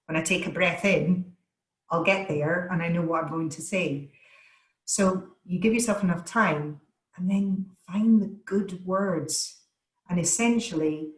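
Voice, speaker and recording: Answering questions in a webinar Q and A, this voice coach hits every word with deliberate, energetic force. She has a fairly low female voice, heard through a video call microphone in an echoey, roomy space.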